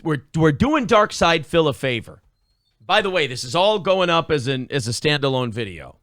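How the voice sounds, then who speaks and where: Sarcastic male show host, animated, fairly high voice, dry close sound. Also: normal speed, no echo. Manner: profane, sarcastic, loud outbursts. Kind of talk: live-stream talk show chat.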